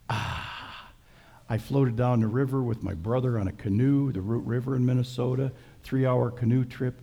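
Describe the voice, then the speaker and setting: A middle-aged male pastor delivers a sermon in a relaxed, folksy, storytelling way. His voice is gravelly and husky, with a dark, mellow timbre. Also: mid-range voice. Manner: folksy, conversational storytelling with jokes.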